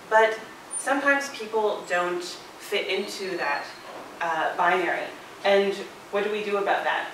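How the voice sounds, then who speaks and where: A woman's voice: fairly low pitch, noisy background. A young woman giving a casual class presentation, with frequent hesitations. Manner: informal, frequent "um" and "uh". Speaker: student presenter. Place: lecture room. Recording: echoey lecture hall, distant mic.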